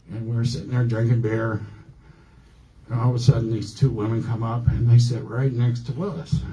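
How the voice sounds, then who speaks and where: A man in his sixties doing a stand-up comedy set, telling stories deadpan and acting out other people's lines. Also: mid-range voice, poor audio. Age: 60s. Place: comedy club stage.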